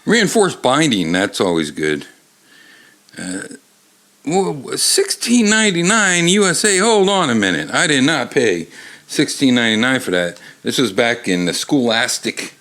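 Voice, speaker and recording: A man's voice: mid-range voice, sing-song, unhurried, a bit bright. An older man hosting a casual book podcast from a bar, rambling and swearing wryly as he talks. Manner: rambling, profane, wry. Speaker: podcast host. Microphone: tabletop mic, moved off-axis.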